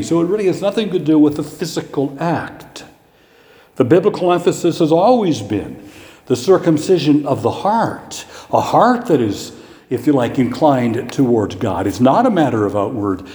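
A male pastor delivers a sermon in a warm, mellow voice whose pitch rises and falls freely. He talks conversationally, often asking a question and then answering it himself. The sound carries the long, roomy reverb of a church hall. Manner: conversational preaching with rhetorical questions.

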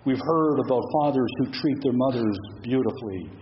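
A man's voice: mid-range voice, normal speed, dull audio, slight background noise. A middle-aged man preaching a sermon in a church, reflective and asking the congregation question after question. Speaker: pastor.

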